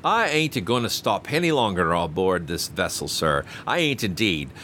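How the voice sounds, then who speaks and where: A man reading an audiobook voices a nervous, servile ship's steward with a rough working-class manner of speech. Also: deep voice, very animated, normal speed, pushed and bright, a little hiss or hum, heavily acted. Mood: pleading.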